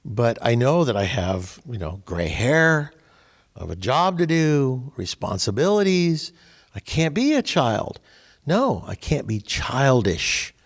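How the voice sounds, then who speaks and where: An older man, the host, chatting casually and telling animated stories that grow louder and higher as he gets going. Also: slow pace. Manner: animated storyteller, voice rising as he tells stories. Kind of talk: casual chat.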